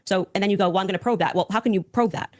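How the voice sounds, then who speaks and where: A woman who hosts a podcast, defending herself in a heated debate, quick to interrupt. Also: mid-range voice, dry recording, clean studio sound. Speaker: podcast host.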